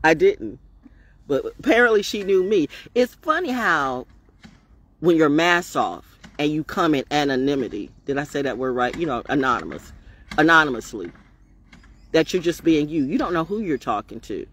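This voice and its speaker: Husky-voiced woman ranting on her vlog. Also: deep voice, lively intonation, moderate pace. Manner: streetwise, defiant and preachy, swears freely. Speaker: spiritual vlogger. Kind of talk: rambling monologue vlog.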